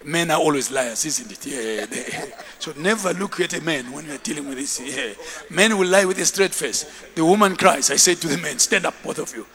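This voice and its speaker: A man preaching a lively sermon as bishop, shouting and laughing, having the congregation repeat after him. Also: fairly high pitch, moderate pace, hardly any pauses, crowd noise. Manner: animated, shouting, with bursts of laughter. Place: large church hall. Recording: long reverb of a church hall.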